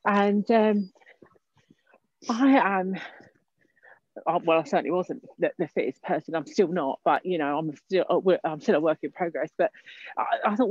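A woman's voice: on the low side, normal speed, darkish tone, husky, no echo. A woman guest talking casually on a walk outdoors, hesitant with many fillers. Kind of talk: casual interview. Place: outdoor park. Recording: dull lo-fi recording.

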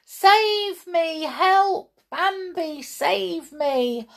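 A woman's voice: high voice, very animated, takes it slowly, voice pushed up, full character voice. A woman voicing a cheeky young male rabbit who talks bluntly and stammers when nervous. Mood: panicked.

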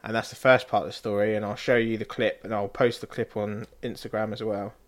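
A young man with a British accent, co-hosting a casual podcast from a flat and leading with a story. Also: on the low side, brisk. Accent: British English. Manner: laid-back, storytelling, laughs at own bad accents. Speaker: podcast co-host. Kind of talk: casual chat. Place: flat, indoors.

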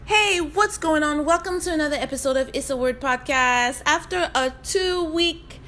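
Young woman rambling on her podcast, upbeat and chatty, kinda high voice. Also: moderate pace, pushed and bright, faint music behind. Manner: chatty and upbeat, talks to listener as "sis". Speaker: podcast host. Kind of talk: casual solo podcast chat.

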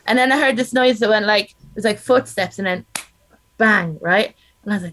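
A young Irish woman from the countryside telling a comic story in casual chat, animated and often laughing as she goes. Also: medium pitch, brisk. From rural Ireland.

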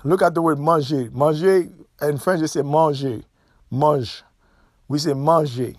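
A middle-aged man with a Haitian accent talks through a solo podcast monologue, pressing each point and circling back to repeat it. His voice sits somewhat high for a man. The sound is dry and close, with no room around it. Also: normal speed, no room sound. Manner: emphatic, repeats points, nonstandard grammar. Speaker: podcast host.

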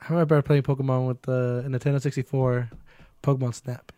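A man's voice: mid-range voice, flat delivery, a little fast, mellow, smooth, dry recording. A young man co-hosting a casual podcast chat, slangy and swearing freely. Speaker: podcast co-host.

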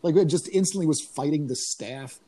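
Dude rambling through road stories, swears a ton, kinda high voice, does the voices. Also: male voice, fairly quick. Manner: profane, animated storytelling with laughs; acts out quoted voices in higher pitch. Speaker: comedian telling tour stories. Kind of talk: casual podcast chat.

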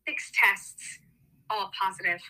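A woman's voice: medium pitch, fairly even intonation, takes it slowly, pushed and bright, rough recording. A young woman reading fan fiction aloud with sarcastic, giggly commentary in a casual chat. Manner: giggly, sarcastic, breaks into laughter.

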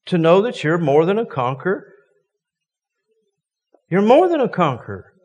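A man's voice: sits high, sing-song, normal speed, a little mellow, big-room sound, highs cut off. A man preaching a sermon as a visiting preacher, folksy and joking with emphatic points.

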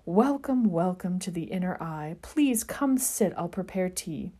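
A woman's voice: lowish voice, lively intonation, unhurried, mellow, breathy edge. A woman voicing an eccentric, mystical tea shop keeper with a wafting, ominous manner.

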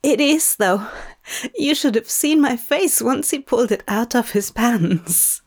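A woman reading the lines of a gentle, fussy man in a soft, prim manner, a little above her own pitch. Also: lively intonation, measured pace. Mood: wry.

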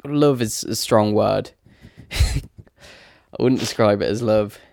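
Young man, Leicester accent, deep voice, joking banter, dry close mic. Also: slow, vocal fry, darkish tone, dry recording. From England. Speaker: podcast co-host. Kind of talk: casual chat.

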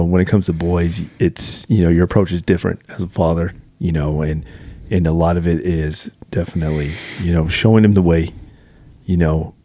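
Podcast co-host, man in his 30s, very low husky voice, earnest and reflective. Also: mellow, no room sound. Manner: earnest, reflective, many "you know" fillers. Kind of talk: casual chat.

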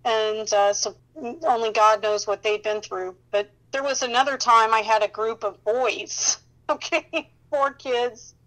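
A woman telling a faith testimony in a casual, animated way, often laughing and acting out what people said. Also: a little high, a little slow, rough recording. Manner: animated storyteller who laughs often and acts out dialogue. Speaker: Christian counselor sharing her testimony.

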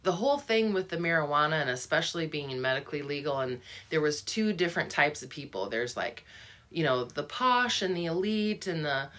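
A woman's voice: sits low, expressive, fairly quick, fairly bright tone. A woman talking through a book in a casual, thoughtful discussion, often restarting her sentences. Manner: thoughtful, musing, many restarts and fillers.

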